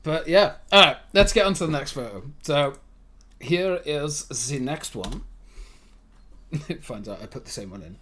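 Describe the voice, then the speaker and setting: A man's voice: a little high, expressive, a little slow, pushed and bright, a little hiss or hum. A British man hosting a podcast in casual chat, laughing often and swearing easily. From United Kingdom. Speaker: podcast host.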